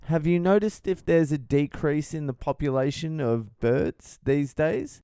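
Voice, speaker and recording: Man doing a polite old lady, prim, high pitched, sweet. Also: unhurried, dark tone, smooth, no room sound, studio quality.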